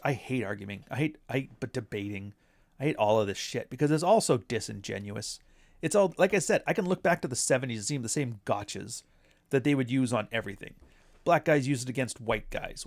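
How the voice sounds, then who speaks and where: A man from Canada hosting a casual livestream, talking bluntly and with sarcasm. His voice sits at a middle pitch. He often breaks into laughter at his own jokes. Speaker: commentary streamer.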